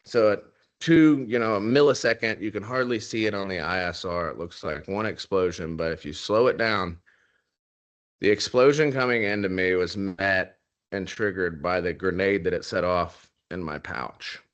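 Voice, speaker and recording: A man's voice: low voice, moderate pace, highs cut off. A man, a military veteran, candidly telling a personal story with wry humor about grim events. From United States.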